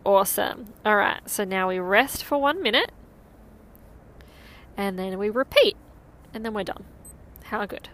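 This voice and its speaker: A woman's voice: medium pitch, lively intonation, a little slow, long pauses, a bit bright. Upbeat woman coaching a run. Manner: upbeat, encouraging, counts down. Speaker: running coach. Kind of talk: guided interval run coaching.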